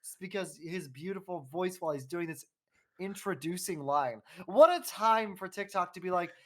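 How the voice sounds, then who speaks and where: A man hosting a podcast, chatting in a playful, animated and rambling way. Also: high voice, moderate pace. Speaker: podcast host. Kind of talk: casual chat.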